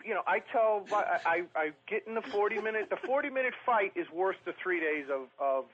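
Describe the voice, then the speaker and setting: A man telling long, profane comic stories in a rambling, animated way, often mimicking other people. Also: high voice, fairly quick, few pauses, breathy edge, lo-fi sound. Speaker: storytelling podcast guest.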